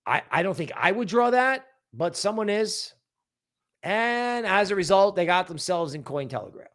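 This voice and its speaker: A man's voice: high voice, normal speed. A man hosting a crypto livestream, talking casually and animatedly, often mocking other people's worries in quoted voices. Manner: animated, sarcastic, mock-quoting others.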